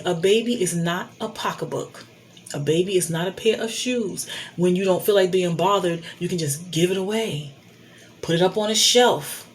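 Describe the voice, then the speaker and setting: A middle-aged woman speaks in a blunt, preachy tone, hammering home her points by repeating them. Her voice sits at an ordinary pitch for a woman. She is recorded indoors on a phone camera. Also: normal speed, a little hiss or hum. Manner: emphatic, preachy, repeats key phrases. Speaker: vlogger giving life advice. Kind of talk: candid advice monologue.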